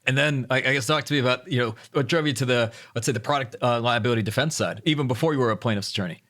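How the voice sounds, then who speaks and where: A man's voice: medium pitch, racing, fairly bright tone. A man hosting a podcast, asking questions hesitantly and rephrasing them mid-sentence. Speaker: podcast host. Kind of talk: interview questions.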